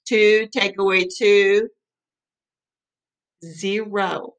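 A woman teacher giving a playful, excitable math lesson for children. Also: medium pitch, extremely slow, low-quality recording.

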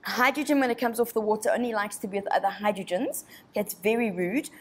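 A woman's voice: medium pitch, fast, a little hiss or hum. A woman teacher from South Africa giving an exam revision lesson, chatty and encouraging, thinking aloud through each step. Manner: puts on a snobby voice for a molecule.

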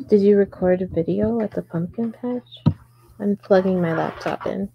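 In a crochet livestream, a woman with a mid-range voice and noticeable vocal fry talks at a moderate pace, answering viewer comments and softly counting stitches between casual chat. The sound is dull, with a little background noise.

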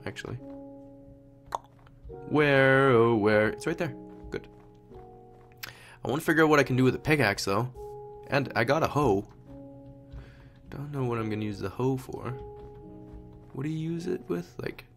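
A man's voice: mid-range voice, gravelly. A young man in casual gameplay commentary, talking to himself, swearing, muttering and exclaiming. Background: game music.

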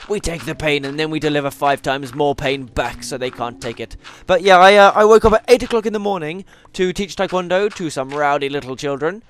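A man's voice: sits high, smooth. A tired young man, chatting casually as he plays a game and teases the animals on screen. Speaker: gaming YouTuber. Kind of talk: casual let's-play commentary.

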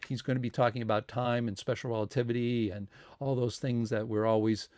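A man's voice: mid-range voice, level tone, brisk, darkish tone, no room sound, clean studio sound. A man hosting a science talk series, making casual, rambling announcements with many fillers and restarts and earnest appeals for support.

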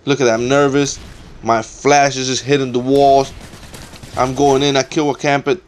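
A man's voice: medium pitch, flat delivery, normal speed, slight background noise. Swearing young man narrating gameplay. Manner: trash-talking, swearing, exasperated. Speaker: gameplay commentator. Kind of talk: casual gameplay commentary.

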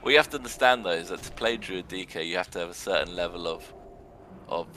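A young man calls a video game match with sarcastic, excitable commentary. His voice is bright and forceful, sitting a little low. A faint noise hums behind him. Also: fast talker. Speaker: arena commentator.

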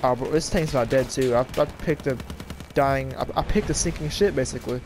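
A man giving casual gameplay commentary, talking fast with jumbled words, frequent stutters and restarts. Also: medium pitch, music in the background. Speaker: gaming channel host. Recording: loud gunfire and battle game sounds behind. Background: shooter game audio with gunfire and vehicles.

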